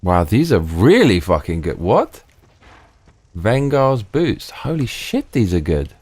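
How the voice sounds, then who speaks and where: A man's voice: sits low, very animated, takes it slowly, a little mellow, husky, dry recording. A young man giving casual, swear-filled let's play commentary, muttering in slang as he plays. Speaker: gaming streamer.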